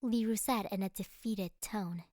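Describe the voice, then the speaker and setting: A woman narrating a first-person fantasy audiobook in an expressive, dramatic way. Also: medium pitch, normal speed, no room sound, clean studio sound.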